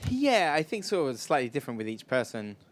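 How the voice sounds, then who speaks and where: A man's voice: mid-range voice, big pitch swings, a little fast. A man answering audience questions at a live event, chatty and rambling, often self-deprecating. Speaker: filmmaker guest.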